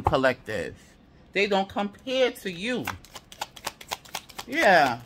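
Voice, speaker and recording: A tarot reader gives a reading to his viewers in a heated, profane way, stacking up repeated affirmations. His voice is high with a fairly bright tone.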